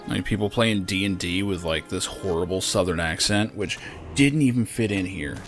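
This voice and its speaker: A man's voice: low voice, moderate pace. A young man giving casual, rambling commentary while playing a game, swearing and laughing often. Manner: rambling, profane, laughs a lot. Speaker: streamer. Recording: game music behind the voice.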